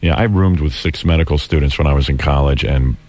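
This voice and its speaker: A man's voice: rumbling low, quick pace, a little mellow. A man in his forties hosting a radio talk show, telling rambling, self-deprecating stories in casual chat. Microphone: studio microphone.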